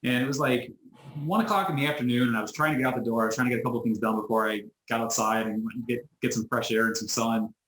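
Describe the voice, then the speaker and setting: An American man, a business owner appearing as a guest in a casual storytelling interview, speaks in a mid-range voice over a video call with roomy echo. He tells stories quickly and animatedly, acting out the voices he quotes and often restarting his sentences.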